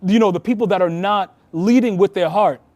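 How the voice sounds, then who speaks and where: High-voiced earnest New man. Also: fairly quick, darkish tone, no echo. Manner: earnest, heartfelt storytelling. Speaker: Freemason, past master. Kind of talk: casual conversation.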